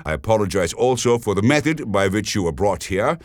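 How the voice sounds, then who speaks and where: A man voicing a suave, persuasive German businessman with a German accent, speaking politely and smoothly. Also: on the low side, lively intonation, a little fast, dry recording, clean studio sound, close to an everyday voice. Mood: courteous.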